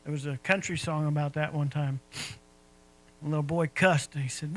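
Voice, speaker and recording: A man's voice: a little high, steady tone, moderate pace, poor audio. A man preaching a sermon in a folksy, conversational way, asking his listeners rhetorical questions. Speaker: pastor.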